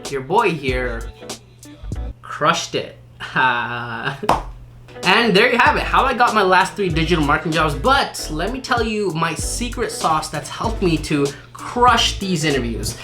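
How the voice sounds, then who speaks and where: A man's voice: fairly high pitch, big pitch swings, measured pace, music in the background. Upbeat chatty young man vlogging. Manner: upbeat, chatty, boastful, laughs often. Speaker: marketing vlogger. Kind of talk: casual vlog chat.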